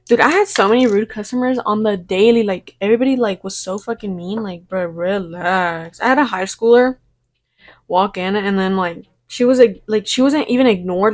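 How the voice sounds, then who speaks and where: Young woman vlogger, casual storytime, rambly and profane, mid pitch. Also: darkish tone. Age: young adult. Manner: rambling, swears freely, mimics her own past replies. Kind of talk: get-ready-with-me storytime chat.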